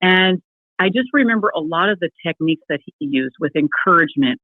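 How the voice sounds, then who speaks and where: A middle-aged woman, a guest in an interview, telling her personal story in a lively way and acting out the people she quotes. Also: lowish voice, brisk, no room sound. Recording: tinny phone-like remote call, dry.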